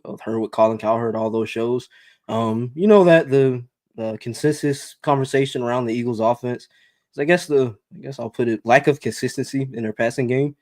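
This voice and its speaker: A man co-hosting a sports podcast, giving measured analysis with lots of ums and you-knows. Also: medium pitch, darkish tone, no echo. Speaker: podcast co-host.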